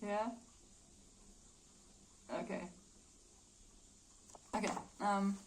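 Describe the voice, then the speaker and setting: Slow, chatty woman showing her comics. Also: medium pitch. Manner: chatty, hesitant, with many fillers and laughs. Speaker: artist showing her drawings. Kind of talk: casual, explaining her own comic.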